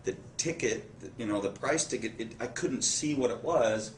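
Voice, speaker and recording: A man's voice: medium pitch, moderate pace. A man being interviewed about his years in network marketing, speaking earnestly and laughing as he tells stories. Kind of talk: conversational interview. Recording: roomy echo, somewhat distant mic, faint background noise.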